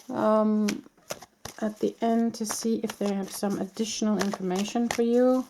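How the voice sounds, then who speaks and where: A woman giving a tarot reading to her viewers, talking in a reassuring, meandering way with many pauses. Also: mid-range voice, creaky, background noise. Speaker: tarot reader.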